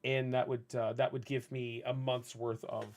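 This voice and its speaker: A man hosting a casual gaming podcast, ranting in a rambling, animated way. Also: mid-range voice, normal speed. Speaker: podcast host and streamer.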